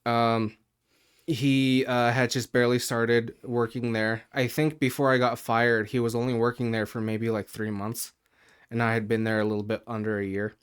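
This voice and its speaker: Man, podcast co-host, smooth clear voice, casual rambling story, lots of ums, swears freely. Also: mid-range voice, level tone, normal speed. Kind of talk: casual chat.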